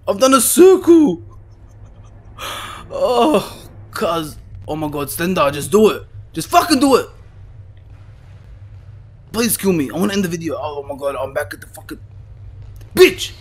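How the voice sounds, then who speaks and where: A young man, panicking through a horror game while he swears and shouts at the screen. His voice sits high and swings wildly up and down, with a husky edge. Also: expressive, normal speed. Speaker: gaming YouTuber. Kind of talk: horror game let's play.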